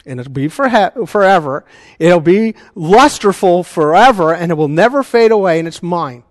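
A man preaching a sermon as a pastor, animated and conversational, with joking asides to the congregation. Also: high-pitched, normal speed, no room sound, clean studio sound, long reverb tail.

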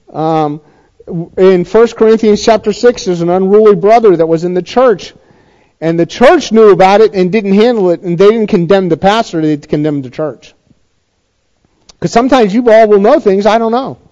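A man's voice: sits high, darkish tone, lo-fi sound. A man preaching a sermon as the pastor, conversational, asking rhetorical questions and rising to emphatic points.

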